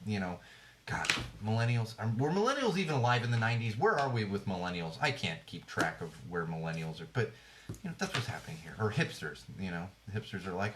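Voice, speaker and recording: A man's voice: fairly low pitch, very animated, fast, background noise. Rambling sarcastic male podcast host. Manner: rambling, sarcastic, with frequent fillers and restarts. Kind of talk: casual commentary on TV trends. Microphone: podcast microphone.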